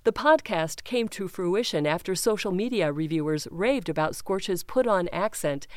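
A woman reading a news article aloud in an even, measured way, raising her pitch slightly when she reads quotes. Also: no room sound, clean studio sound. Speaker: news reader.

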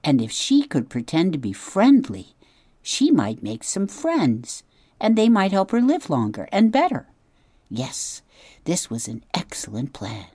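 A woman narrating a children's audiobook in an expressive storytelling manner, dropping soft at asides. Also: sits low, a little slow, husky, no room sound. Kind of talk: scripted narration.

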